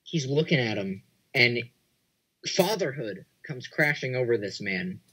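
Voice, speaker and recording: A man on a casual podcast, telling a long scenario in excited play-by-play. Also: mid-range voice, unhurried, husky, poor audio. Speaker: podcast panelist.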